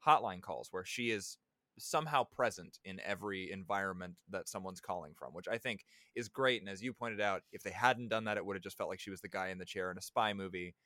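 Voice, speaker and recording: A man's voice: low-pitched, brisk, bright, forceful tone, dry recording. A man co-hosting a casual movie review podcast, rambling and playfully analytical. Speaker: podcast co-host.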